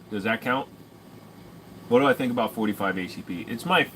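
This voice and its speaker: A man's voice: mid-range voice, a bit bright, a little hiss or hum. A young man casually answering chat on a stream, rambling and cracking profane jokes.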